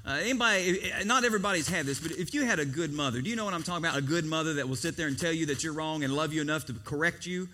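A man's voice: on the high side, racing, hardly any pauses, pushed and bright. A man in his thirties preaching a sermon, telling a childhood story with acted-out quotes and questions to the congregation. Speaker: pastor.

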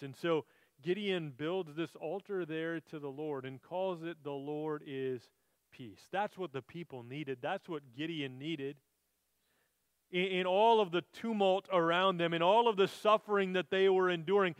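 Man, high-pitched, earnest preaching, scripture reading, dry sound. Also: a bit bright, clean tone, dry recording. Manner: earnest, reads scripture aloud then explains it. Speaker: pastor. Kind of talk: sermon.

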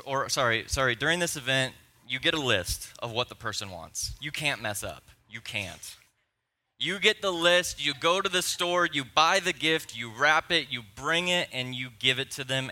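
A young man preaching a sermon, telling personal stories in a conversational, animated way. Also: mid-range voice. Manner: storytelling, animated and conversational, with laughs. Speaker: pastor.

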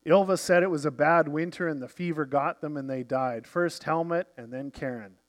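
A man's voice: fairly high pitch, normal speed, natural voice. A man doing an earnest Viking with a lilt. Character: earnest, simple-hearted Viking man, devout.

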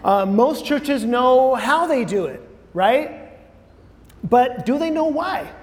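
A man's voice: very high-pitched, animated, slow pace. A man giving a conversational sermon to a church audience, repeating key phrases and putting questions to the room. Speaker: preacher. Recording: long hall reverb.

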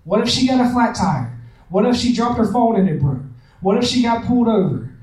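A man's voice: high-pitched, lively intonation, fairly quick, darkish tone. A man giving a conversational sermon-style talk on relationships, repeating phrases for emphasis and laughing often. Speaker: church speaker on relationships. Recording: echoey room, mic at a distance.

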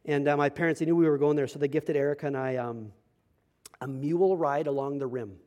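A young adult male pastor preaching a sermon, telling a personal story and swinging from hushed asides to loud emphatic passages. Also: a little high, fairly even intonation, fairly quick.

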